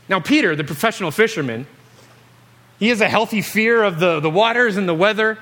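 A man preaching a sermon, retelling a story with jokes and lively, animated asides. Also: high-pitched, brisk.

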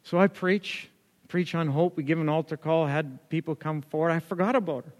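A man's voice: on the high side, a little fast. A male pastor preaching a sermon, telling a story and building up to emphatic, repeated lines. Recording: long hall reverb.

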